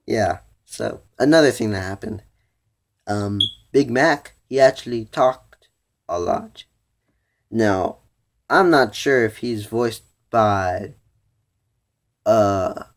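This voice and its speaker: A teenage boy in a casual video review, rambling with many "you know"s and "like"s, restarting his sentences as he thinks aloud. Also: lowish voice. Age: teens. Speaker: vlogger reviewing a cartoon episode.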